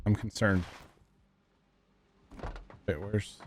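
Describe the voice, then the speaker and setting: A man with a lowish voice talks loosely to his stream chat while he plays, rambling and quick to laugh. A faint hum sits under his voice. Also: fairly even intonation. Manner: chatty, rambling, thanks viewers and laughs easily. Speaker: livestreamer. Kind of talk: casual gaming livestream chat.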